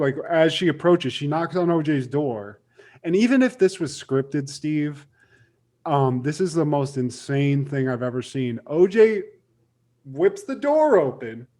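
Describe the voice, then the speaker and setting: A young man talks on a podcast in a casual, excitable way, his voice sitting a touch higher than most men's. He swears freely and slips into other voices as he retells a story. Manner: animated, swearing, acts out quotes. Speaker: podcast co-host.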